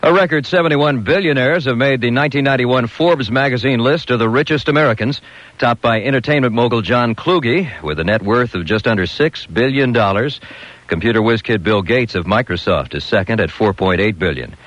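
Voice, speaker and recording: A man reads the radio news in a crisp, brisk manner, with the odd light play on words. The sound is dry and close, but dull and lo-fi in band. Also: medium pitch, a bit bright, no room sound. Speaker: radio newsreader. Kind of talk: news reading.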